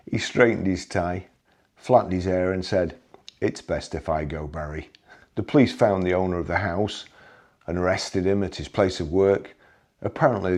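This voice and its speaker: A man's voice: low-pitched, dark tone. A man narrating personal anecdotes in a wry, conversational storytelling manner, with occasional restarts. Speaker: memoir storyteller.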